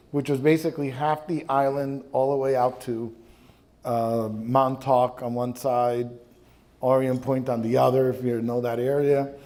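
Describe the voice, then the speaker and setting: This medium-pitched, mellow voice belongs to a bishop in his fifties from around New York. As a guest speaker at a live event, he tells wry personal stories to young adults, peppered with many ums and uhs.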